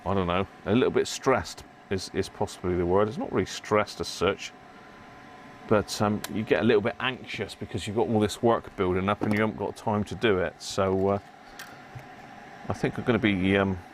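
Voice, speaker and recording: A low-pitched British man talks his way through a repair on a livestream, loose and rambling, poking fun at himself as he goes. Faint noise sits under his voice. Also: fairly even intonation, moderate pace. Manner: chatty, rambling, self-mocking. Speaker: radio repair livestream host. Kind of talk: casual livestream chat while working.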